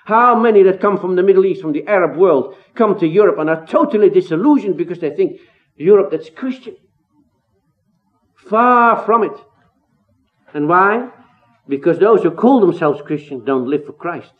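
A man delivers an earnest expository sermon, his somewhat high voice pushing up into emphatic exclamations and rhetorical questions. The recording is thin and tinny, as if heard over a phone line. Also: lively intonation, moderate pace. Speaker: preacher.

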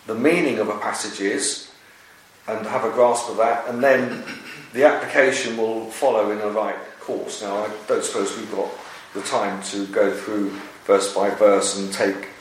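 A man leading a Bible study discussion, speaking in a measured, earnest way with frequent pauses. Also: fairly low pitch. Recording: echoey room, distant mic, faint hiss.

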